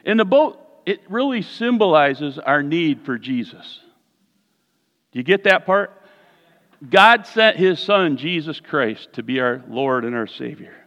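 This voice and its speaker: Animated preacher man in a reverberant hall. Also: fairly high pitch, a little slow. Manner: playful, animated, talks to the congregation. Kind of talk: sermon with humorous storytelling. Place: church sanctuary. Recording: distant hall echo, dull sound.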